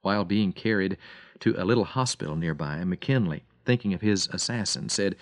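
A man giving a radio devotional, telling a story dramatically and slowing and softening his voice for emphasis. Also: deep voice, no room sound, studio quality. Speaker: radio preacher.

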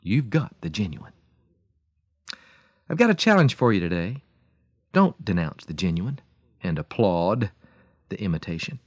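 A man hosting a radio devotional talk, telling a story and preaching in an animated, emphatic way. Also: deep voice, a little slow, pauses often, breathy edge, no room sound, muffled recording. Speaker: radio program host and preacher.

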